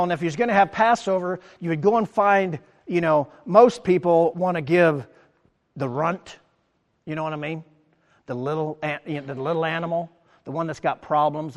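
A man preaching a sermon as pastor, animated, acting out the crowd's words in his talk. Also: fairly high pitch, moderate pace, long reverb tail. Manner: animated preaching, acts out quoted crowd lines.

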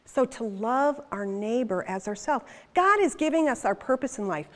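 Woman preacher, fifties, slightly high voice, chatty and animated from the pulpit, long reverberant hall sound. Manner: conversational, animated, with quick asides. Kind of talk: sermon.

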